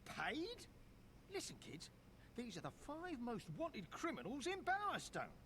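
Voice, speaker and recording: An actor playing a harried, pushy town guard who wheedles and bargains. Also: male voice, extremely high pitch, huge pitch swings, unhurried, background noise, exaggerated voice. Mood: wheedling.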